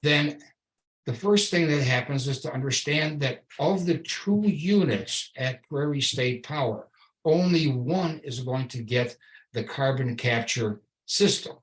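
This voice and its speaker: A man giving a public slide lecture, wry and sarcastic, stressing key words slowly, with frequent restarts and fillers. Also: mid-range voice, rough recording. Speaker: invited speaker giving a slide talk.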